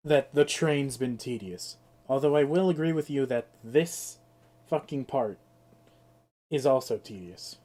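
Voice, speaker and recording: A man's voice: fairly high pitch, a little mellow. Exasperated young man with a sore throat. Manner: ranting, exasperated, swears freely. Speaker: streamer. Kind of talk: casual live-stream gameplay commentary.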